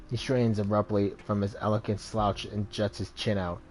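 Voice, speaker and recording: A man's voice: lowish voice, little pitch movement, moderate pace, a little mellow, faint music behind. A man hosting a let's play and reading the game's text aloud, often stumbling and correcting himself.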